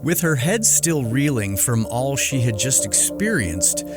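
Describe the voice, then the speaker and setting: A male podcast host reading scripted narration in a measured, formal way. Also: mid-range voice, sing-song. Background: music.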